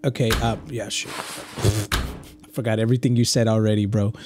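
A man's voice: on the low side, steady tone, normal speed, darkish tone, faint music behind. A man in his thirties doing let's-play commentary, joking and swearing, with Spanish slang thrown in. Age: 30s. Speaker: gaming YouTuber.

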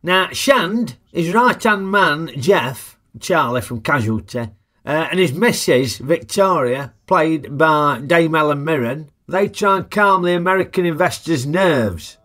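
A man's voice: on the high side, expressive, measured pace, bright, forceful tone. A man giving a chatty, jokey film review full of tag questions. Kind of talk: casual film review narration.

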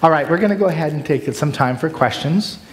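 A man giving a conference lecture on preaching, animated and demonstrative, swinging between loud bursts and hushed asides. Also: on the high side, fast. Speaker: preaching workshop speaker. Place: large hall with long reverb. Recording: echoey hall from far off.

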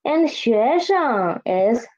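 A woman's voice: a little high, very animated, extremely slow, a little mellow, lo-fi sound. A woman teaching an online Chinese lesson, saying new words twice and asking learners to repeat after her.

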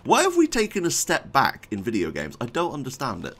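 Let's-play streamer, wild pitch swings, flips from mumbles to shouts, desk mic. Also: fairly quick. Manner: excitable, swings from muttering to yelling. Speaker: gaming YouTuber.

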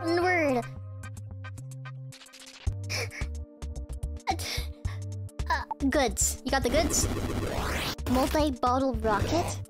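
A woman streamer giving excitable, giggly game commentary, often stammering and shouting. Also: sits high, extremely slow, pauses often. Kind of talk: game let's-play commentary. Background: game music.

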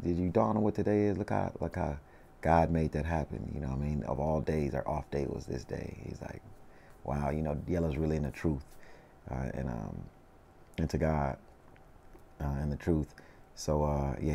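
There is slight background noise as a gravelly-voiced bass rapper, a man in his thirties from Southern California by his accent, is interviewed casually. He spins relaxed, slang-filled stories, peppered with "you know what I mean."

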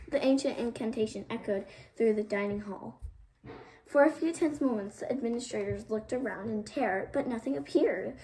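A woman storyteller reading a novel aloud, expressive, with small slips and restarts. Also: on the high side, moderate pace, slight background noise, rough recording.

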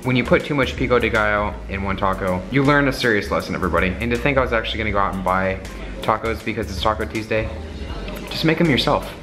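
A man talking casually to his viewers in a vlog, chatty and rambling with quick jokes. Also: fairly low pitch, music in the background. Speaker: vlogger.

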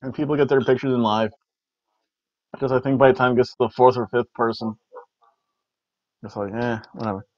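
A man hosts a casual review chat, rambling along and often restarting his sentences. His voice sits at an ordinary middle pitch. The recording is dry and a little dull. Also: fairly even intonation, fast talker, no room sound. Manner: rambling, repeats words, food-rating jokes. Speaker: podcast co-host reviewing wrestling.

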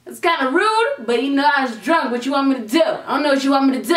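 A young woman vlogger telling a storytime in an animated, slangy way, swearing freely. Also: sits high, fast, few pauses. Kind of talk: storytime vlog. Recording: echoey room, mic at a distance.

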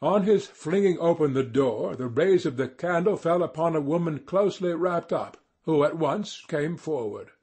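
Husky male audiobook narrator. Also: on the high side, animated, normal speed, few pauses, darkish tone. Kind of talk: scripted narration of a classic novel.

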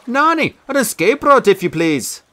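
A man voicing a calm, precocious boy genius who speaks in a polished, formal, precise way. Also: very high voice, moderate pace, voice pushed up, exaggerated voice. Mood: composed.

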